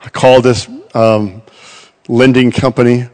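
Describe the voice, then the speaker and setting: A man's voice: mid-range voice, a little slow. Man preaching in an echoing hall. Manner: animated, storytelling with acted quotes. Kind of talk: sermon. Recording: long hall reverb.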